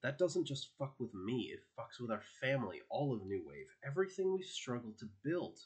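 A man's voice: mid-range voice, sing-song, normal speed, lightly acted. A man doing a sarcastic teenage healer girl. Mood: lecturing. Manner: sarcastic, firm lecturing.

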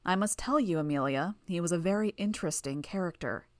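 A woman voicing a calm, smooth-talking and menacing male killer, speaking in a mocking tone. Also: lowish voice, a little fast, dry recording, natural voice.

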